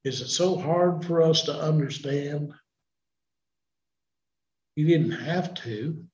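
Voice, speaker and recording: A man in his sixties preaching a sermon in a church, swinging from shouting to hushed, emotional delivery. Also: fairly high pitch, takes it slowly, reverberant, dull audio. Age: 60s.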